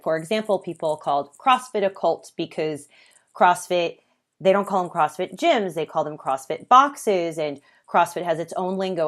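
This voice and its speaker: Earnest woman hosting a solo podcast. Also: deep voice. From United States. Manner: earnest, conversational, with fillers and emphatic lists. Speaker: podcast host.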